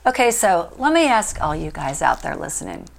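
A woman's voice: lowish voice, very animated, normal speed, gravelly. A woman podcast host in her thirties, talking casually and rambling through her points with frequent restarts. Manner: rambling, self-interrupting, chatty. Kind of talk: casual chat.

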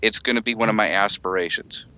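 A man's voice: on the low side, fast talker, bright, forceful tone. A man co-hosting a casual chat about a tabletop roleplaying game, joking and breaking into silly voices.

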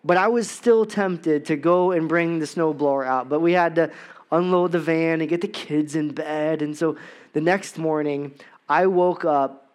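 A man's voice: on the high side, measured pace, clear, resonant tone. A man preaching a sermon, opening with a personal story and moving into rhetorical questions for the congregation. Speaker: pastor.

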